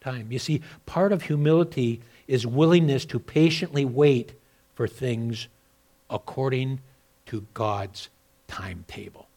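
A man preaching a sermon as a pastor, moving between loud, emphatic exhortation and quieter personal storytelling with repeated words. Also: medium pitch, measured pace. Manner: repeats and restarts words when telling a story.

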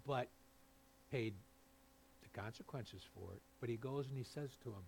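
A male pastor preaching a sermon, swinging between low, quiet passages and loud, fervent peaks. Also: moderate pace, vocal fry, pauses often, slightly rough.

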